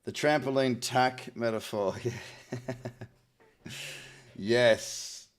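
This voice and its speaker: A man's voice: medium pitch, very slow, clean tone. An Australian man hosting a live trading stream, chatting in an upbeat way, often repeating words and answering viewers. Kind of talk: live chart scan with chat replies.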